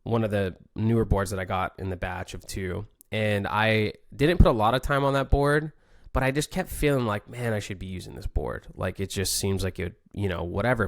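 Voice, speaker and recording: A man's voice: low-pitched, no echo, clean studio sound. A young man hosting a podcast, thinking aloud in a casual, rambling monologue full of fillers and restarts. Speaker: podcast host, competitive surfer.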